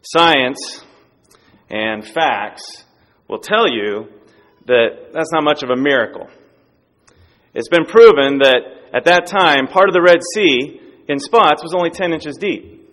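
A man voicing a smug, condescending older male professor who lectures in a low, measured way. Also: fairly bright tone, long reverb tail.

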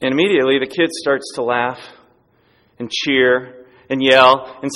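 A man preaching a sermon who tells a story with emphatic, animated delivery and frequent restarts. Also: mid-range voice, measured pace. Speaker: pastor. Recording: echoey hall.

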